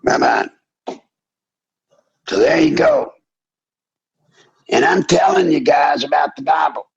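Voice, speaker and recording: Older man, talk radio host, gravelly, husky, slow, fiery and preachy, dull lo-fi audio. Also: on the high side, lively intonation. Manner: fiery, preachy, rising to shouts. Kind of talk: impassioned call-in radio talk.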